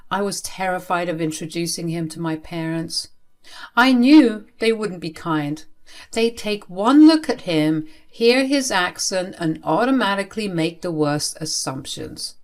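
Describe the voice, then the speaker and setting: A woman narrating a first-person story aloud in an expressive, emphatic way. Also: mid-range voice, a little slow.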